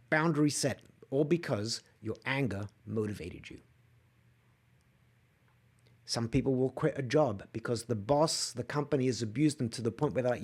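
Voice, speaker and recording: A man hosting a solo coaching podcast, talking straight to listeners and acting out angry quoted outbursts with lively emphasis. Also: mid-range voice, normal speed, slightly rough. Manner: animated, acts out quoted outbursts, asks listeners to comment. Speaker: podcast host and empath coach. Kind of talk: solo motivational podcast talk.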